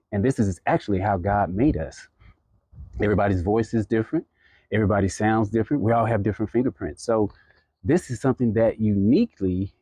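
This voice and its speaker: A man's voice: fairly low pitch, warm tone, no echo. A man talking to camera, giving earnest, encouraging advice with plenty of fillers and restarts. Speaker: podcast creator giving advice. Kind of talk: casual motivational talk to camera.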